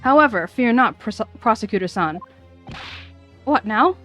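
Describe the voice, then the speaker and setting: A woman's voice: fairly high pitch, lively intonation, a little slow, a bit bright, faint music behind. A woman putting on a pompous blustering army sergeant.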